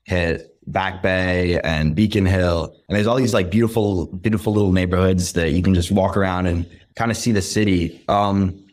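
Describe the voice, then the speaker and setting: Young guy from western mass, super deep voice, easygoing interview rambling, lots of "like". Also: moderate pace, few pauses. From Western Massachusetts. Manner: relaxed, rambling, repeats words and says "like" often. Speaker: guest. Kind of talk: casual interview chat.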